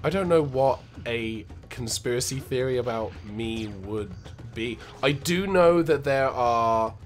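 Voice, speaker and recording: A man's voice: medium pitch, lively intonation, measured pace. A man with an English accent co-hosting a casual gaming show, chatting in a rambling, self-deprecating way. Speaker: co-host. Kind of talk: casual podcast chat while playing games.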